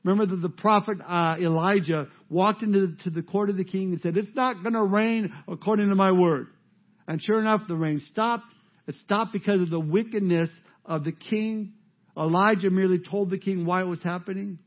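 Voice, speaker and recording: A man preaching a sermon as pastor, emphatic and rising to loud peaks. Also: high-pitched, a little fast, dull audio.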